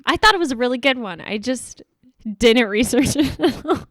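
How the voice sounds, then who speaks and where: Young woman, podcast co-host, goofy, laughs a lot, fairly high voice, dry close mic. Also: expressive, moderate pace, fairly bright tone, dry recording. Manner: goofy, laughs often, slips into a news-reporter voice. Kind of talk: casual chat. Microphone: podcast microphone.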